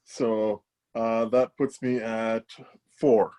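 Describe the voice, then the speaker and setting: Slow-talking man player. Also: fairly low pitch, little pitch movement, mellow. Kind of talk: playing in a tabletop game.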